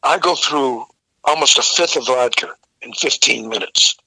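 An older man, a rock singer, telling a profane, animated story as a guest in a casual interview. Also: mid-range voice, moderate pace, vocal fry, slightly rough, no room sound, low-quality recording.

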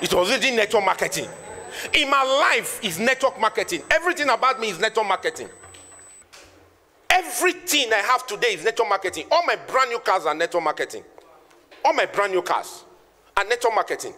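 A man's voice: high voice, big pitch swings, a little fast, sharp tone. A Nigerian man in his thirties, a network marketing trainer, giving an emphatic motivational speech to an audience and repeating lines for effect. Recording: long reverb in a hall.

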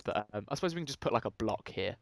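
Speaking very fast in a lowish, expressive voice, this young Let's Play co-host bantters casually, makes jokes and reads the game's signs out loud.

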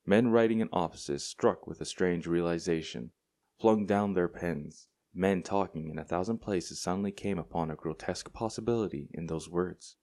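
A man reading a classic short story aloud as an audiobook narrator, in a measured, deliberate storytelling manner. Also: low-pitched, darkish tone. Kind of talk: scripted narration.

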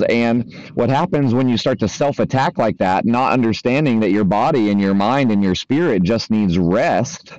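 A man's voice: medium pitch, darkish tone, no room sound. A man, a spiritual coach, talking loosely and casually to his listeners, with many fillers and the odd swear word. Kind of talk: casual spoken monologue. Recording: dry, slightly dull lo-fi audio.

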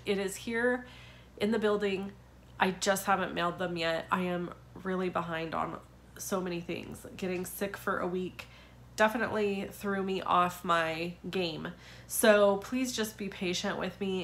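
A woman's voice: medium pitch, fairly bright tone, slight background noise. A middle-aged woman with a stuffy nose from a cold, chatting casually with frequent "um"s while hosting a card-making tutorial.

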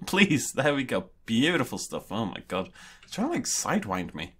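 A man's voice: mid-range voice, big pitch swings, moderate pace, fairly bright tone, a little hiss or hum. A young man chatting casually and rambling cheerfully while playing a game. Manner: chatty, rambling, self-amused. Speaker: gaming youtuber. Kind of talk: casual let's-play commentary.

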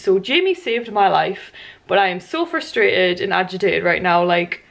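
A woman's voice: mid-range voice, moderate pace, creaky. A young woman talking casually in a vlog, chatty and flustered, tired and stressed. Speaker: vlogger.

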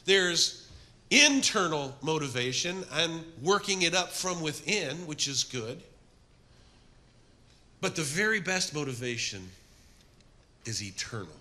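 A middle-aged man preaching a sermon to a men's group, telling stories with energy and then dropping to a soft, earnest appeal. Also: fairly high pitch, lively intonation, slow. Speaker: men's ministry speaker.

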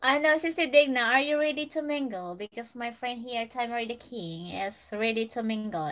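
A woman's voice: a little high, a bit bright. A woman from the Philippines with a Filipino accent, hosting a casual live stream. She chats, laughs often, mixes in Filipino phrases, and reads out viewer comments. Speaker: livestream host.

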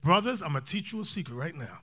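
A man teaching a scripture class in a lively, joking sermon style, acting out quotes. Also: on the high side, quick pace, husky. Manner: animated, joking, acts out quotes, calls for readings.

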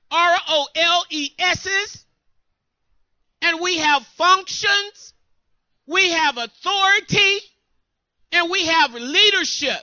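A woman co-pastor preaching a sermon in an emphatic call-and-response style, often pausing for her congregation to answer. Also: sits high, sharp tone, dry recording, highs cut off.

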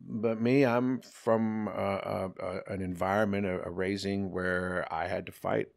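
A middle-aged man telling a story in a casual chat, animated and profane, acting out the people he quotes. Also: deep voice, unhurried, vocal fry. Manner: animated, swearing, acts out quotes in other voices. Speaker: podcast guest.

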